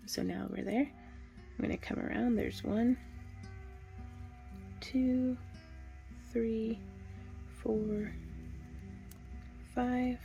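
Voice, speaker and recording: Female craft instructor, mellow dark tone, casual step-by-step tutorial delivery. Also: on the high side, very slow, creaky, long pauses, dull audio, faint music behind. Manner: relaxed, chatty, counts stitches aloud.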